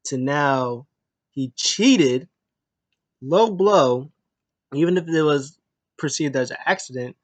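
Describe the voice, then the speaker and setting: A man's voice: a little high, animated, takes it slowly, long pauses. A man recaps a wrestling match play by play in a loose, unscripted way. He rambles and restarts his sentences. Uh fillers pepper his talk. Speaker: wrestling show reviewer.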